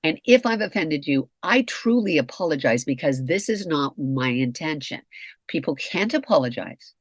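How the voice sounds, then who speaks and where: A woman's voice: sits low, lively intonation, normal speed, dry recording. A middle-aged woman co-hosting a candid conversation, frank, emphatic and freely profane. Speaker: co-host.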